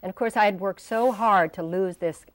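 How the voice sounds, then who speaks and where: A woman's voice: medium pitch, normal speed, no room sound. A woman in her sixties, an interview guest, telling stories animatedly and acting out the voices of people she quotes. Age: 60s. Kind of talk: casual storytelling interview.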